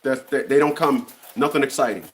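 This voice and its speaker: A man's voice: medium pitch, brisk. A man in his fifties delivering a blunt, profane opinion rant, often stumbling and repeating words as he restarts. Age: 50s. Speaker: commentary channel host.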